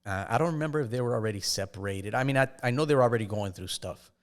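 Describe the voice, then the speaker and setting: A man, a podcast guest, telling his life story in a casual, halting way with frequent restarts. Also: mid-range voice.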